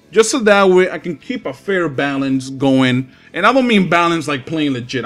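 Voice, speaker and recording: A young man giving casual gameplay commentary, swearing and trash-talking as he plays. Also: a little high. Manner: profane, trash-talking, excitable. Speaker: gaming commentator.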